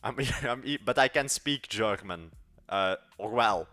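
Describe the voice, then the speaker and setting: With faint music behind him, a young man speaks at a measured pace in a fairly low, expressive voice that sounds pushed and bright. The eighteen-year-old Belgian developer, Dutch accent and all, rambles in slang to his live chat and mutters while working on code.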